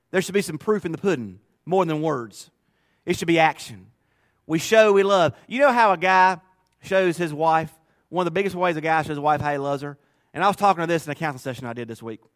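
High-voiced man preaching, dry close sound. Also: a bit bright, no room sound. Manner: conversational, emphatic, repeats phrases. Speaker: pastor. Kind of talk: sermon.

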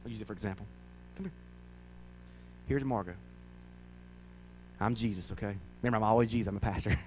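A male pastor preaching a folksy, conversational sermon in a church, often rising to loud, dramatic shouts as he acts out a crowd. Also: on the low side, brisk, slight background noise.

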